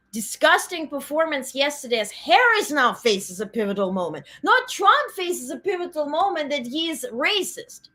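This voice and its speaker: A woman hosts a political livestream in a casual, indignant rant. Her voice sits a little high and comes out bright and cutting. She keeps breaking off to answer live viewers. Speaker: host of a political news livestream.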